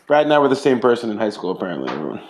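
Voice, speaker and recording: A man's voice: lowish voice, very fast, a little hiss or hum. A man co-hosting a casual podcast chat, rambling and profane as he tells stories. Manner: rambling, profane, animated storytelling. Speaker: podcast co-host.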